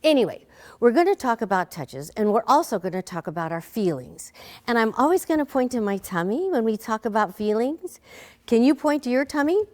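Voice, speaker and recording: A woman teaching a preschool lesson, talking gently to a bear puppet and young children. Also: on the high side, big pitch swings, a little fast.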